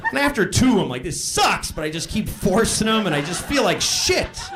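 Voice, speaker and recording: A man's voice: high-pitched, very animated, a little fast, over music. A man doing a crude, self-deprecating stand-up routine in a conversational tone. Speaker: stand-up comedian. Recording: live stand-up with audience laughter. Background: audience laughing.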